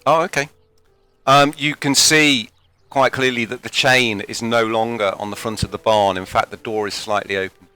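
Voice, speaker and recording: Clear-voiced male game master. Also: mid-range voice, fairly even intonation, normal speed, pushed and bright. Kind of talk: narrating a tabletop game.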